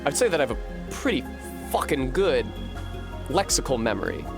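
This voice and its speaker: A man streaming a video game, chatting casually and thinking aloud to his viewers, swearing freely and getting animated. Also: medium pitch, moderate pace, over music. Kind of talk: casual live-stream chat while gaming.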